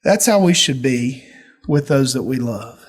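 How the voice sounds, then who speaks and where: A man leading a church Bible study, teaching in a folksy, animated storytelling way. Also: medium pitch, unhurried, husky. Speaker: pastor.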